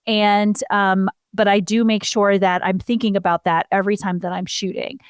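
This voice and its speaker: A woman co-host talks through her own photography habits in a relaxed, explanatory way. Her voice is smooth and clear, recorded close on a dry mic. She often pokes fun at herself as she goes. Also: medium pitch, normal speed, no echo. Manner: chatty, explanatory, self-deprecating. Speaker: podcast co-host, horse photographer. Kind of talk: casual podcast chat.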